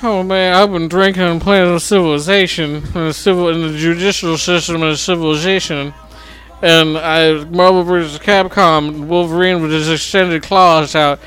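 A man co-hosting a casual podcast, goofy and rambling, with a voice pitched a little high. Faint music plays behind him. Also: steady tone, normal speed, a bit bright, poor audio. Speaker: podcast co-host. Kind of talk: casual chat.

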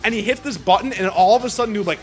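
A man with a notably high voice tumbles through an excitable, profanity-laced movie rant in loose conversation. Faint music plays underneath. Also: racing. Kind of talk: casual chat.

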